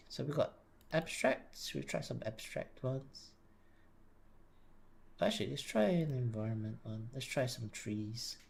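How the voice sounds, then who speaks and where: Quiet mumbling man thinking aloud. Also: mid-range voice, creaky, slight background noise. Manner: hesitant, thinking aloud with frequent fillers. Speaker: streamer. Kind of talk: casual live-stream commentary while working. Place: home desk. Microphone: desk mic, sometimes leaning back from it.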